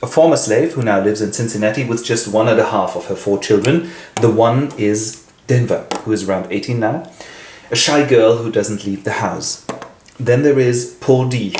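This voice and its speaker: A man's voice: on the low side, a little mellow, a little hiss or hum. A man casually retelling a novel as host, breezy with playful asides. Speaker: literature summary host. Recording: roomy echo.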